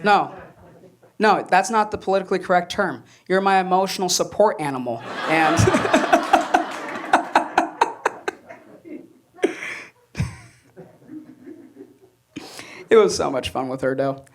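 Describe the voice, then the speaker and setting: A man's voice: high-pitched, very slow, pauses often. A young man performing a stand-up comedy set, telling stories and acting out quoted voices. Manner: animated storytelling, acts out quoted voices. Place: comedy club stage with audience laughter.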